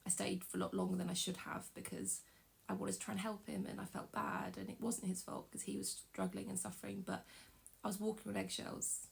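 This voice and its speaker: A young woman tells her personal story in a vlog, emotional and halting, pausing to breathe and steady herself. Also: mid-range voice, gravelly. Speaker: vlogger.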